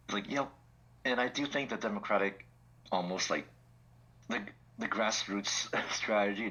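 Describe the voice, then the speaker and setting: A man's voice: low voice, bright, forceful tone, slightly rough, low-quality recording. A man co-hosting a podcast in casual political chat, laughing often and using many filler words. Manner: chuckling often, lots of "like" fillers. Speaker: podcast co-host.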